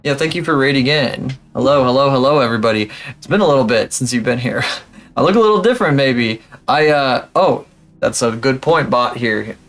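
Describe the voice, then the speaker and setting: A man's voice: medium pitch, a little fast, a bit bright. A young man live-streaming, chatting casually in a rambling, profane, self-mocking way.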